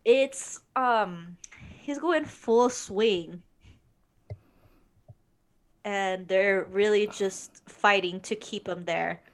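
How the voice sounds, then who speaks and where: A woman's voice: mid-range voice, very slow, long pauses. Emotional young woman in casual chat. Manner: emotional, rambling, heavy with sighs and filler. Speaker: podcast co-host. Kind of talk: casual chat about an anime series.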